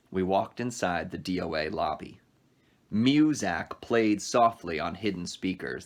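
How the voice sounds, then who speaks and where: A male teacher reads a novel aloud to his class at a brisk pace. His voice sits fairly low, and he drops in short asides to explain words as he goes. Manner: brisk storytelling read-aloud, adds asides.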